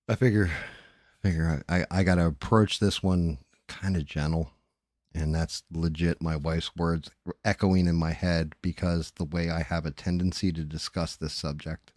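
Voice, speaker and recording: A man's voice: deep voice, a little mellow, no room sound, clean studio sound. A middle-aged man, a streamer, talking candidly and rambling in casual chat, with some cursing.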